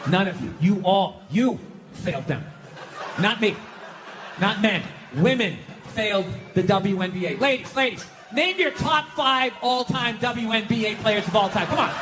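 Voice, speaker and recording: A man doing a stand-up comedy set, ranting loudly and profanely, often shouting, on a large outdoor amphitheater stage with a handheld mic. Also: very high-pitched. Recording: echoey live venue with roaring crowd. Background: audience laughing and cheering.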